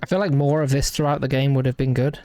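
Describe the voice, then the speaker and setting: A man's voice: mid-range voice, level tone, fast talker, mellow, a little hiss or hum. A young man with a light Midlands accent, rambling casually as a streamer commenting on a game, full of restarts. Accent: light Midlands English. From English Midlands. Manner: rambling, hesitant, many restarts. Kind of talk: casual let's-play commentary.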